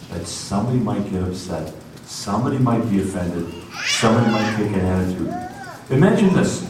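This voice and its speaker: A man preaching a storytelling sermon in a lively, conversational way, recorded in an echoey hall from far off. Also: lowish voice, noisy background.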